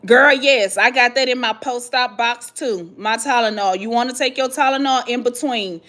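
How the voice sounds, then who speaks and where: A woman hosting a vlog, chatting casually and reading viewer comments, animated and dramatic with slangy asides. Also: on the high side, normal speed. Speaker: vlog host answering viewer questions.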